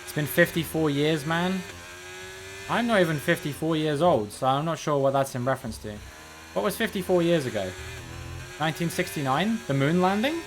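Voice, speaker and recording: A man's voice: fairly high pitch, expressive, moderate pace, soft background music. A man streaming live, giving casual, joking commentary while he plays, with rambling sarcastic asides.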